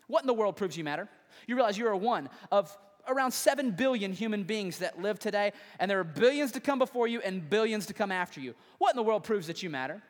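A man pastor preaching a sermon, building from quiet questions to rising appeals. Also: high voice, long reverb tail. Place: church sanctuary.

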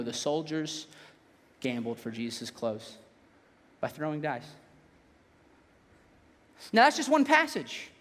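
A man, preaching a sermon in a casual, animated way and dropping his voice for dramatic scripture readings. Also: high voice. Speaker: pastor. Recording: echoey hall.

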